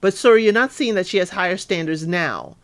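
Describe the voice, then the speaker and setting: A woman giving a casual recap of a reality show, chatty and animated, acting out quotes with asides to listeners. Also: on the low side, normal speed. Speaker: recap podcaster.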